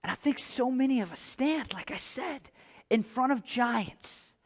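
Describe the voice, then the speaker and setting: A male pastor preaching a sermon in a church, chatty and self-deprecating, then building to loud, impassioned stretches. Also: very high voice, lively intonation, measured pace, long reverb tail. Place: church sanctuary.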